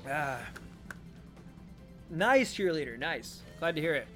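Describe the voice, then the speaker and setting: A man from Canada with a high-pitched voice hosts a casual livestream. He rambles, jokes and answers his chat as it comes in. Soft background music plays under his desk-mic talk. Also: sing-song, slow pace. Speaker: streamer.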